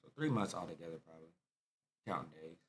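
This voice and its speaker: A man's voice: low-pitched, fast. A young American man hosting a reaction video, chatting casually and playfully to his viewers as he comments on clips. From United States. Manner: animated, playful, talks to viewers as y'all.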